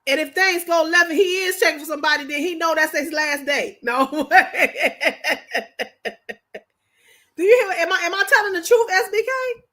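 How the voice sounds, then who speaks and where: Woman, livestream host, casual talk, emphatic, repetitive, high-pitched. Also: fast talker, few pauses, sharp tone. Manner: emphatic, preachy, repeats herself.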